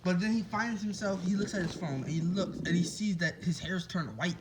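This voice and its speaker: Man telling a made-up story off the cuff, rambling and chatty, slightly high-pitched. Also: brisk, background noise. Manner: rambling, with restarts and asides to listeners. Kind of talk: casual improvised fan-fiction storytelling.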